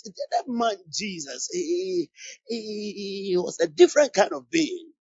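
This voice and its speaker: Male preacher, high lively voice, husky and gravelly, call-and-response sermon, dull lo-fi recording. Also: no echo. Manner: fervent call-and-response, repeating phrases. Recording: dull lo-fi sound.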